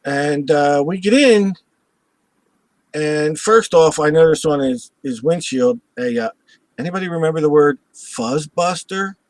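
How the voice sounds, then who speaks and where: A man's voice: a little high, a little slow, no echo, poor audio. A man hosting a live show, telling a story with lots of laughter and acted-out voices. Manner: animated storyteller who acts out voices and laughs at his own jokes. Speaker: host.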